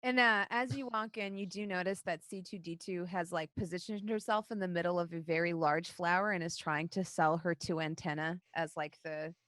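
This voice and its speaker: A woman narrating as dungeon master of a tabletop game, in a relaxed, chatty way. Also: lowish voice, normal speed, hardly any pauses, dry recording.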